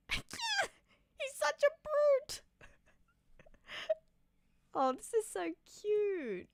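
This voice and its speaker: A high-voiced woman talks casually through what she is watching, thinking aloud with little fillers and soft laughs. She takes her time, and her voice swings up and down a lot. The sound is dry and close. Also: huge pitch swings, drawn-out words, dry recording. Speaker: anime reaction streamer. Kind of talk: casual reaction commentary.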